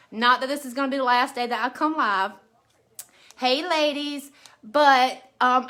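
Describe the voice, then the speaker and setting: Southern woman, bright high voice, homey live-stream crafter who chats with viewers by name. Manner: chatty, greets viewers by name, drawling. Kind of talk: casual live-stream chat. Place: at home beside a Christmas tree.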